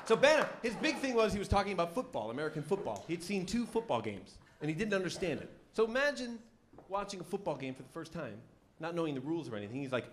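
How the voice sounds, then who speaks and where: A man doing a stand-up routine in a New York comedy club, telling an animated story and acting out the characters. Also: on the high side, quick pace, background noise. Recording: loud comedy club audience laughter.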